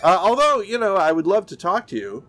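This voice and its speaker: Fairly high-voiced rambling male podcast host. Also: very animated, brisk, a bit bright. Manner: rambling with many fillers and restarts. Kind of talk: casual chat. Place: remote video call.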